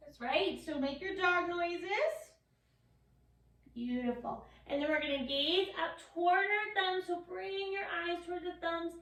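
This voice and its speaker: A bright, high-pitched woman with a New York accent leads a kids' yoga class with playful, encouraging cues. She sounds a little far from the mic, and her voice echoes around the room. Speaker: yoga teacher. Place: yoga studio.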